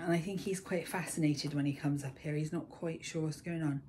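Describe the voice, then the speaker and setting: A young woman chatting casually about her knitting projects in a baby's room at home, gushing and breathy, with frequent ums. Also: sits low, fairly even intonation, normal speed, hardly any pauses, mellow. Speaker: knitting vlogger. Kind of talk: casual chat.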